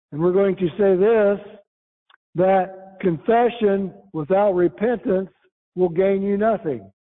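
A man preaching a sermon, reading scripture aloud and explaining it verse by verse, slowing down and rising when he quotes. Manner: rises in pitch when quoting scripture, slow and emphatic. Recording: tinny phone-like sound.

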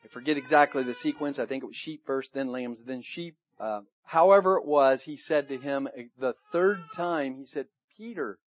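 A man preaching a sermon to his church, retelling the story in a lively way and acting out the people he quotes. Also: mid-range voice, normal speed, hardly any pauses, a little hiss or hum. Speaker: pastor. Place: church service room.

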